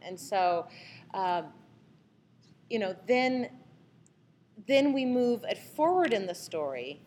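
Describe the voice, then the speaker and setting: A woman leading a casual Bible study, retelling the story in a lively way and acting out the people in it. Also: mid-range voice, slow pace, long pauses, a little hiss or hum. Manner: animated, acts out the people in the story.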